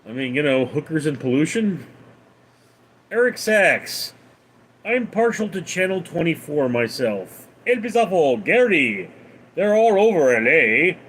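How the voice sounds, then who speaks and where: A man hosting a casual livestream, reading viewer questions aloud and answering them in a deadpan way. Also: a little high, a little slow, a little hiss or hum. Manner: deadpan, reads names then answers. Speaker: livestream host.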